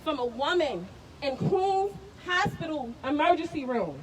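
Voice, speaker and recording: Impassioned high-voiced woman at a street protest. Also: very animated, measured pace. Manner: impassioned and insistent, repeats phrases. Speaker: protest speaker, sister of the deceased. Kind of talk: emotional protest rally speech. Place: outdoors on a city street. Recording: distant mic on a noisy street.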